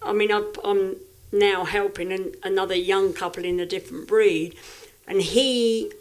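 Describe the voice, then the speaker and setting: A woman's voice: mid-range voice, steady tone, unhurried. A woman speaking as a podcast guest, frank and reflective, often restarting her sentences in casual talk. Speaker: guest, livestock exhibitor.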